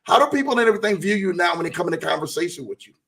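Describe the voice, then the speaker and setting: A man's voice: high-pitched, animated, rapid-fire, creaky, fairly bright tone. A man hosting an interview show, asking long rambling questions full of fillers and cheering his guest on. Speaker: podcast host. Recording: voice distant from mic.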